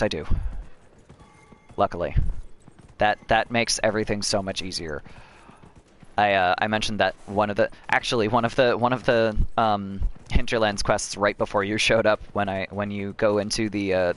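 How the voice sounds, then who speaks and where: Low-voiced man rambling over gameplay. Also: steady tone, moderate pace, a bit bright. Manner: rambling, many restarts and self-corrections. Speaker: streamer. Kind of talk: casual gameplay commentary.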